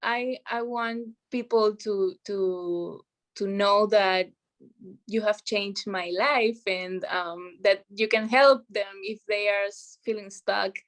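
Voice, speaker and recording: Slow, halting woman guest. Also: medium pitch, steady tone. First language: not English. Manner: halting, searching for words, laughs often. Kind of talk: casual interview.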